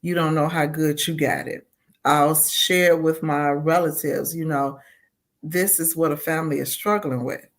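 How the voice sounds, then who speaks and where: A woman's voice: low-pitched, steady tone, a little slow. A woman being interviewed as a community advocate, speaking in a heartfelt, earnest way and often saying "you know.". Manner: heartfelt, repeats "you know", voices her own thoughts aloud.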